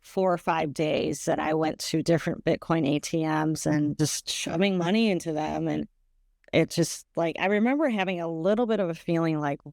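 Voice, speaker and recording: A woman's voice: deep voice, normal speed, gravelly, a little mellow, no echo, clean studio sound. A woman telling her own story as a podcast interview guest, earnest and rambling, with frequent restarts and self-corrections. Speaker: guest sharing a personal story.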